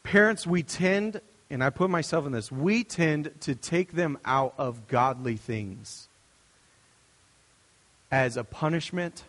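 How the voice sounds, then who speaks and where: A man's voice: fairly high pitch, expressive, slow, fairly bright tone. Man preaching in an echoing hall. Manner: storytelling, conversational, with restarts and asides. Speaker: pastor. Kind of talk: sermon.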